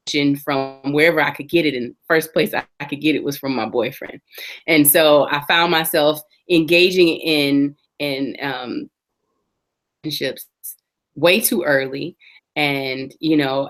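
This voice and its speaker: A woman in her forties, an interview guest, earnestly telling her personal story with reflective pauses and restarts. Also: deep voice, fairly even intonation.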